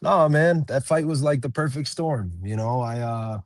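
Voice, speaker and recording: A man's voice: mid-range voice, normal speed, dry recording, clean studio sound. A young man who fights professionally, chatting casually in an interview, laid-back, swearing freely and laughing often. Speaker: MMA fighter, interview guest.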